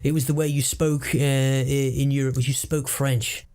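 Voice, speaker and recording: A man's voice: medium pitch, flat delivery, normal speed, darkish tone, clear, resonant tone. A man co-hosting a podcast, chatting casually and thinking aloud with frequent hesitations and restarts. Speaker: podcast co-host. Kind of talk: casual chat, improvised storytelling.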